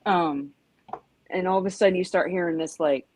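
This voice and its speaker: A woman's voice: fairly low pitch, normal speed, a little mellow, slight background noise, poor audio. A woman in her forties telling a rambling story in casual chat, full of "you know" and "like", acting out yelps. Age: 40s. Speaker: podcast host.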